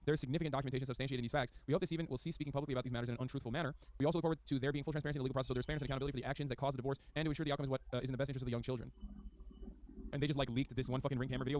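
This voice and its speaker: A man's voice: medium pitch, fairly even intonation, rapid-fire, background noise. A man streaming a reaction, reading an article aloud and breaking off with exasperated, profane commentary.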